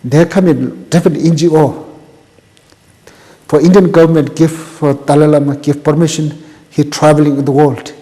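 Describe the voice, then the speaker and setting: An older man from Tibet with a Tibetan accent, whose first language is Tibetan, recounting his life in an oral history interview in halting, repetitive, broken English. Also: on the high side, steady tone, warm tone, in a large hall. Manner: halting, repeats words, plain broken English.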